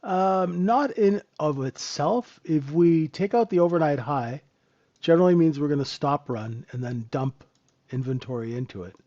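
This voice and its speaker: Here a man with a fairly high, dark-toned voice speaks at a moderate pace, and the recording loses its upper frequencies. He's a trading instructor hosting a live room, casually explaining charts while answering what viewers ask. Expect a chatty delivery peppered with "right?".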